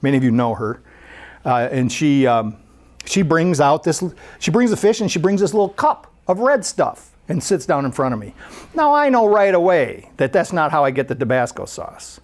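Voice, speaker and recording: Give me a chatty storyteller with a lively voice delivering a sermon. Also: mid-range voice. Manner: conversational, animated storyteller with frequent restarts. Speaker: speaker at a spiritual center.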